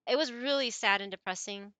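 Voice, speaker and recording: A bright, forceful woman streamer talks into a dry, close microphone, chatty and emotive as she answers her chat. She rambles, reacts openly, and sounds like she is talking straight to her viewers. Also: medium pitch, a little fast, no echo. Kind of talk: casual chat with live viewers.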